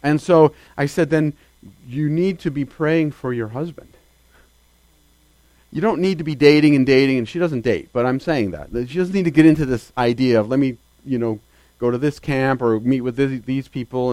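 A man's voice: medium pitch, brisk, darkish tone, dry recording. A man preaching a sermon in a conversational way, asking his listeners rhetorical questions and rising into sudden emphasis.

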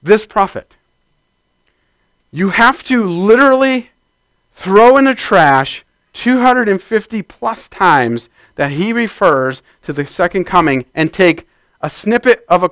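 A man preaching a conversational sermon to his congregation, swinging from loud bursts to quiet asides. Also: sits high, expressive, measured pace, clear, resonant tone, no echo.

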